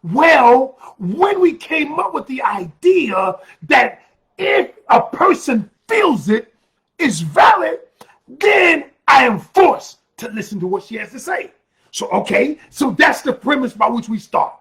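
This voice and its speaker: A man giving an emphatic motivational talk as a relationship coach, repeating phrases and bursting into loud, heated stretches. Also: very high-pitched, sing-song, measured pace, vocal fry.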